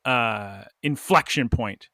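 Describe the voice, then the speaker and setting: A man's voice: mid-range voice, takes it slowly, bright, forceful tone, dry recording, studio quality. A man co-hosting a podcast, recapping an episode in casual chat and slipping into little character voices. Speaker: podcast co-host.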